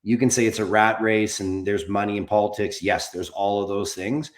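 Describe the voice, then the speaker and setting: A man's voice: lowish voice, fairly even intonation, moderate pace. A man in his forties, a podcast guest, talking candidly and rambling a bit, swearing casually. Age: 40s. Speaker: podcast guest, documentary producer. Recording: roomy echo.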